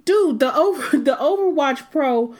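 A woman co-hosting a casual podcast discussion, animated and rambling, with frequent laughter and restarts. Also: high voice, measured pace. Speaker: podcast co-host.

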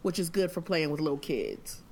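A woman hosting a podcast, chatting in a lively way and laughing often. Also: low voice, slight background noise. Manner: chatty, animated, quick to laugh. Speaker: podcast host. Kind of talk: casual conversation.

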